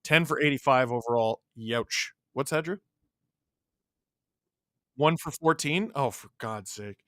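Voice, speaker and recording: A male host watching a hockey game live, calling the plays, reacting loudly and reading out chat messages. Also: medium pitch, unhurried, no room sound, clean studio sound. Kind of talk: live watch-along commentary and chat replies.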